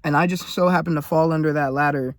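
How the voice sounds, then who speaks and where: A man's voice: steady tone, fast. Young man on a profane rant. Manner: heated, swearing, bursts louder and higher when riled. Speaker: vlogger.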